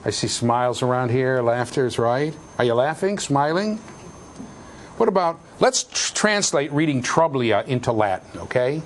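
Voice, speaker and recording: A man's voice: mid-range voice, normal speed. A middle-aged man lecturing a university class, swinging his voice up and down with lots of life. He teases the students with jokes and raises his voice to drive points home. A faint hum of the lecture hall sits behind him. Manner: animated, jokey, shouts for emphasis.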